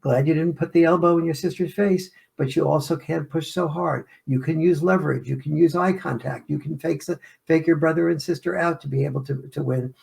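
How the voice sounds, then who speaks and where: A man's voice: fairly high pitch, fairly even intonation, fairly quick, gravelly, a little mellow. A man voicing a playful father who coaches his children with firm rules. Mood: coaching. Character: playful father setting rules for roughhousing kids.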